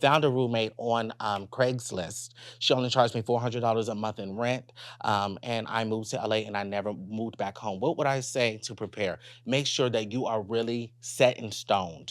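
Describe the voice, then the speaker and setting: A man's voice: on the low side, steady tone, normal speed, dry recording. A man hosting a podcast in a sassy, blunt and playful casual chat. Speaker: podcast host.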